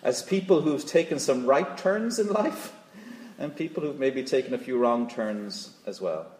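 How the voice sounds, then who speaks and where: A man preaching a sermon, repeating key phrases rhythmically and dropping to a hush for emphasis. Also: medium pitch, measured pace, echoey room, rough recording. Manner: expressive, rising and dropping to a hush.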